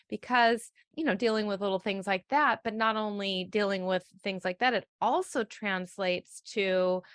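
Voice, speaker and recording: A woman's voice: medium pitch, fairly bright tone, dry recording, studio quality. A woman speaking as a podcast guest in an earnest, explanatory way, with frequent fillers and restarts. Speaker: podcast guest, manifesting coach. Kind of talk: conversational interview.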